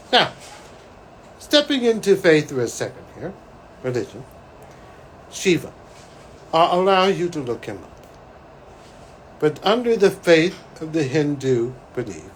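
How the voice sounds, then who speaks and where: A man, a psychic, talking to camera as he recounts a vision, animated and breaking into excited exclamations. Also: on the high side, a little hiss or hum, poor audio. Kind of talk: solo talk recounting a vision.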